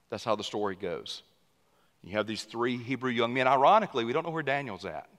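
A man preaching a sermon as senior pastor, animated and bursting into loud passages. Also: medium pitch, big-room sound. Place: church sanctuary.

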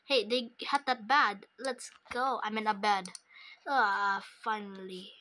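A woman's voice: mid-range voice, fairly even intonation, sharp tone, a little hiss or hum, poor audio. A woman giving casual game commentary in a hesitant way, with many fillers. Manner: hesitant, lots of fillers, slow.

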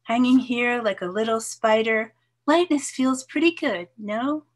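A woman in her seventies, a poet, reading her poems in a measured, expressive way and chatting casually between them. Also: slight background noise. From New York, USA. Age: 70s. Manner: measured, expressive reading, soft voice dropping low on some lines. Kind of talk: poetry reading with casual asides.

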